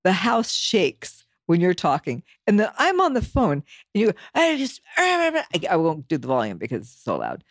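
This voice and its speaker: Expressive, laughing middle-aged mother. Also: on the low side, moderate pace, hardly any pauses, no echo, studio quality. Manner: laughs easily, talks expressively. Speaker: podcast co-host, mother. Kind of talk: casual chat.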